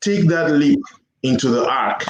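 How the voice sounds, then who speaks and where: A man hosts an interview show, promoting his guest in an encouraging, announcer-like way. His voice is pitched fairly high for a man. The room sounds echoey. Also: measured pace, muffled recording, noisy background. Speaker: show host. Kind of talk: interview hosting.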